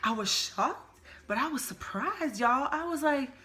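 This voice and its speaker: Bright-voiced young woman telling a story. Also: sits high, measured pace. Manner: chatty, expressive, with casual slang. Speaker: storytime vlogger. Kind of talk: casual storytelling to camera.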